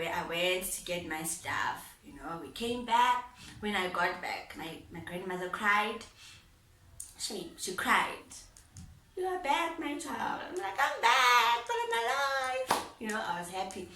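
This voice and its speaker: Recorded from a distance in a roomy space, a young woman vlogs about something personal, her heartfelt telling full of laughter and repeated phrases. She speaks in a mid-range voice with a fairly bright tone.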